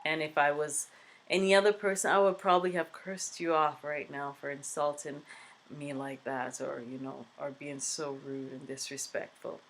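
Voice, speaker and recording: A woman's voice: sits low, steady tone, moderate pace. A woman vlogger telling a story in a casual, emphatic way, repeating phrases for stress.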